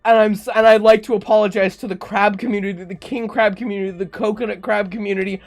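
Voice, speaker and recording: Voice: mid-range voice, fairly even intonation, fast talker. A streamer chatting casually on a live stream, joking and laughing often between lines. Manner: joking, laughs often, mock-tearful bits.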